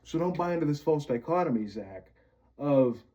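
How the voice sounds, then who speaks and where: A man's voice: on the high side, animated, moderate pace, dark tone. Bitter, profane man ranting on a dull recording. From Pennsylvania. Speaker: vlogger. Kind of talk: venting monologue to camera.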